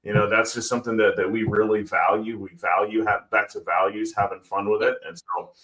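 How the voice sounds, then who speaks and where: A man's voice: on the low side, level tone, a little fast, a bit bright. A man guest on a podcast, easygoing and thoughtful in casual chat. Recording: roomy, distant mic.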